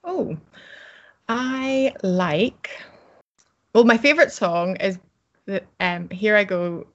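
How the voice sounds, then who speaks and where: A woman's voice: mid-range voice, slow, dull audio. A woman with a Northern Irish accent, a podcast guest talking casually and cheerfully, laughing often. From Northern Ireland. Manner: chatty, laughs often, warm and upbeat.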